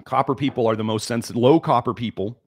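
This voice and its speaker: A man's voice: mid-range voice, fast talker, darkish tone, breathy edge, no echo, studio quality. Emphatic man lecturing on a livestream. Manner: emphatic, repeats key words for stress. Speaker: livestream host.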